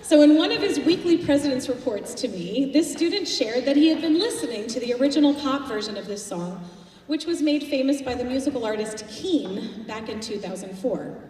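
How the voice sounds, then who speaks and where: A woman who directs a high school choir, chatting to a concert audience between pieces with anecdotes about her students. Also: lively intonation, a little fast. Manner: chatty, warm-hearted, anecdotal. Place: school auditorium. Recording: distant, echoey hall with faint noise.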